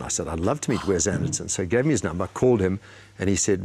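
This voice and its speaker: Talk-show guest: man, lowish voice, easygoing storyteller. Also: quick pace, gravelly, slightly rough. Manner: relaxed anecdotal storytelling. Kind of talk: casual talk show chat.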